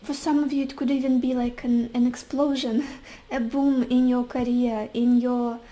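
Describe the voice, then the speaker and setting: A woman giving a tarot reading to camera, talking softly with many pauses and fillers. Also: fairly high pitch, level tone, rough recording. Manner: soft, searching, often pausing with fillers. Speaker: tarot reader.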